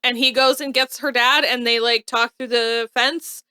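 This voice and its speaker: A woman co-hosting a show, chatting casually as she recaps an episode with lots of "like" and quick asides. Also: a little high, clean tone, no room sound. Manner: lively, animated retelling with frequent "like". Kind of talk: casual chat.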